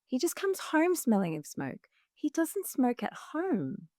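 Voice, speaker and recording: A women's health coach appears as a podcast guest, earnestly recounting her personal story and acting out her own past remarks as quotes, using "like" constantly. Her high, a little mellow voice swings hugely in pitch and moves a little slowly, recorded dry at studio quality.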